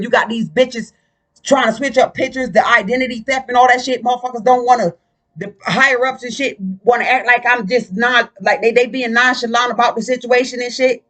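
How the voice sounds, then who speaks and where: This woman vlogger's voice is fairly high, bright and tense as she delivers a casual, ranting monologue. She's combative, blunt and swears freely.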